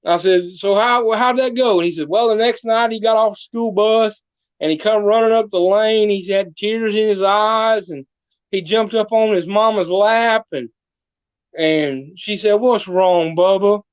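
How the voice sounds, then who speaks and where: High-voiced man spinning yarns. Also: a little slow, clear, resonant tone, highs cut off. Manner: drawling hillbilly yarn-spinner, full of country sayings. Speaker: guest storyteller. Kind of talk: comedic folksy storytelling.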